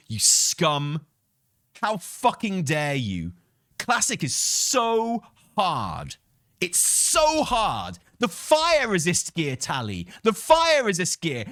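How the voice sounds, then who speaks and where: A man mimicking a whiny, outraged male gamer in a shrill, mocking way. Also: fairly bright tone, no room sound, clean studio sound, exaggerated voice.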